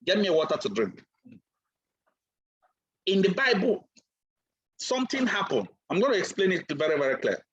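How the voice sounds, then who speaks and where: A man's voice: high voice, big pitch swings, normal speed, long pauses, breathy edge, dull audio. A man giving a motivational training talk like a sermon, emphatic and repetitive. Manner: emphatic and repetitive, asks for water mid-talk. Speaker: trainer and speaker.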